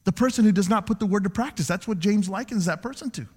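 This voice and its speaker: Animated high-voiced preaching man. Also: quick pace, breathy edge. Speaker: pastor. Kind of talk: sermon. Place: church sanctuary. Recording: long church hall reverb.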